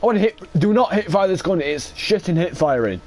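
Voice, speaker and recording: A young man giving excitable, sweary live commentary while playing a shooter game. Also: high voice, fairly quick, music in the background. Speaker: gaming streamer.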